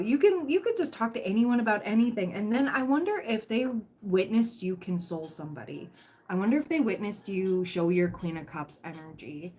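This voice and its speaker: A tarot reader on a livestream gives a chatty, comforting reading in a fairly low voice. Her speech is packed with fillers and restarts, and her dry throat keeps catching.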